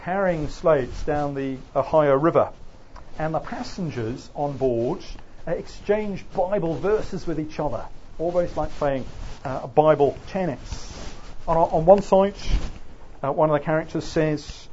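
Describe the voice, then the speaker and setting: A male lecturer with an Oxford English accent talks through a classroom lesson. He hesitates often and fills his pauses. His voice sits a little higher than average, and the recording is slightly muffled. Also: darkish tone, a little hiss or hum. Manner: hesitant, frequent fillers.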